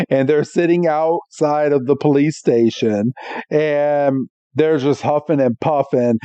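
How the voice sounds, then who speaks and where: A man co-hosting a podcast, casually recapping a cartoon episode and acting out the characters' lines with lively voices. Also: fairly high pitch, clear, resonant tone, no echo, dull audio. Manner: animated storyteller, acts out character lines.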